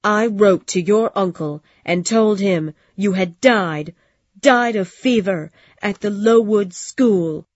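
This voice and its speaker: A cold, spiteful old aunt on her deathbed, as a woman narrator puts her on, her voice husky and weak, the words coming slowly and hard. The dull, dry lo-fi sound keeps it close. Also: fairly low pitch, dry recording. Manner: hard, accusing, weakening.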